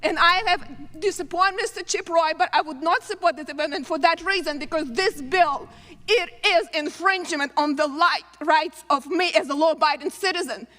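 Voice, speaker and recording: An immigrant woman with a foreign accent giving an earnest, halting floor speech in a legislative chamber. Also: very high-pitched, sharp tone. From abroad. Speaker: congresswoman. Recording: long reverb of a large chamber.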